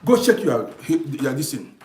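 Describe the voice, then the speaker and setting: A man's voice: medium pitch, big pitch swings, a little slow, darkish tone, echoey room. A man lecturing his live viewers in a heated, emphatic, repetitive way. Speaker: live streamer reading comments.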